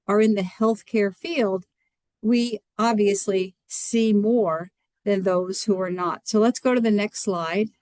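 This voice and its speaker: A woman's voice: mid-range voice, darkish tone, no room sound. Earnest woman physician lecturing, dry sound. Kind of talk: presentation on a video call.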